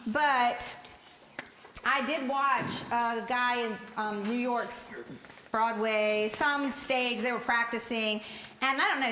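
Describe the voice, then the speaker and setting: High-voiced woman leading a theatre workshop. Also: pushed and bright. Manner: chatty, encouraging, laughs easily. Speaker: workshop teacher. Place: echoey rehearsal room with a group. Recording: roomy echo, faint hiss.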